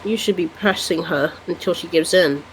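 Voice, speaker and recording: A man's voice: a little high, moderate pace, background noise, natural voice. A man doing a snappish, scolding old security-guard lady. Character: nosy, bossy old woman security guard. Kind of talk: reading game dialogue aloud on a stream.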